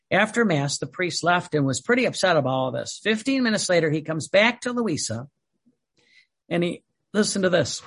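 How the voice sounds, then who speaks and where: A man giving a devotional talk about a holy woman, speaking in halting phrases with many fillers and restarts. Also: on the high side, a bit bright, slightly rough. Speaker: religious speaker.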